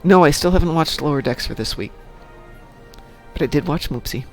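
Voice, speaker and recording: A man's voice: on the high side, expressive, fairly quick, soft background music. A man in his sixties casually chatting on a live stream, reading the chat aloud and telling dad jokes. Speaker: stream co-host.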